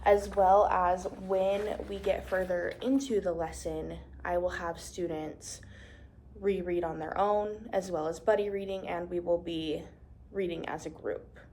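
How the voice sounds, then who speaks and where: A woman's voice: lowish voice, fairly even intonation, unhurried, darkish tone, a little hiss or hum. Young woman as a cheerful teacher, leading call-and-response, recorded in an echoey room. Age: young adult. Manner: upbeat, encouraging, call-and-response. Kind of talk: demonstration lesson to imagined class. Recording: echoey room, mic at a distance.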